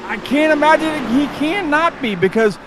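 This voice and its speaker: A man commentating a live sim race in an excitable, exclaiming manner. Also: extremely high pitch, brisk, very noisy.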